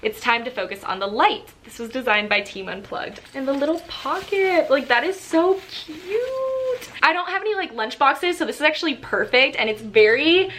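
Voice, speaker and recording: A young woman chatting excitedly as she unboxes a book subscription box in a casual vlog. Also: high voice, fairly quick, few pauses, slight background noise. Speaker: book vlogger.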